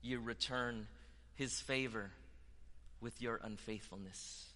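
A man preaching a sermon with passion, dropping to hushed tones and rising to loud declarations. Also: medium pitch, steady tone, takes it slowly, big-room sound. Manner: impassioned, swinging from hushed to loud.

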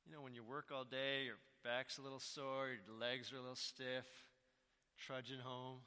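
A man's voice: medium pitch, level tone, moderate pace, pushed and bright, clean tone, long reverb tail. A male pastor preaching a sermon in a conversational way, putting rhetorical questions to the congregation.

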